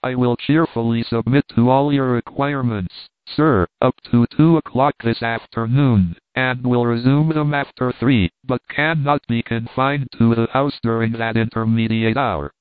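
A gentle, devout young man who speaks quietly and solemnly, as a male reader puts him on. The sound is narrow and tinny, like a phone call, with a dry room. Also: medium pitch, fairly even intonation, unhurried, hardly any pauses, clean tone, no room sound, close to an everyday voice.

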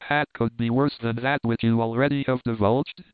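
A man's voice: medium pitch, fairly even intonation, normal speed, clear, resonant tone, no echo, close to an everyday voice. A man voicing a proud, frightened young woman who speaks in an earnest, formal, pleading way. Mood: distressed. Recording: narrow phone-like band.

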